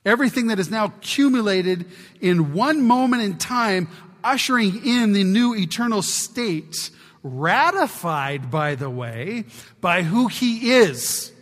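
A man preaching a sermon as pastor, exhorting his church and swinging from loud to hushed. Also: sits high, lively intonation, slow. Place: church sanctuary. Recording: long church reverb.

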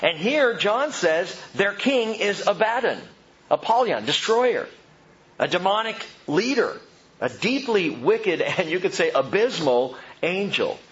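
A man preaching a sermon, animated, calling his listeners "gang" and explaining scripture. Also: high-pitched, measured pace, lo-fi sound. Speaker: pastor.

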